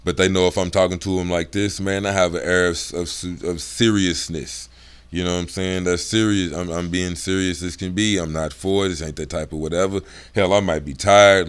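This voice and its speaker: Laid-back low-voiced man talking slang. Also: fairly even intonation, normal speed, smooth. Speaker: video host. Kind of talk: casual talk to camera.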